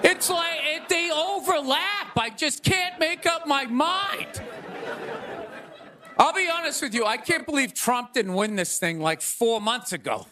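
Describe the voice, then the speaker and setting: Brief: high-voiced man, exasperated stand-up host, live crowd laughing and noisy room. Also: expressive, measured pace. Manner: rambling, exasperated, loud bursts. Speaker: comedian hosting a show. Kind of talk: stand-up monologue. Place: stage before a live audience.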